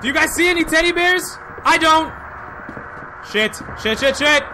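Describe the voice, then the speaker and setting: Man, let's play commentary, very high voice, lively pitch, faint hiss behind. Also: moderate pace. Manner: jumpy, loud and joking, yelling at the game. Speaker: gaming video host.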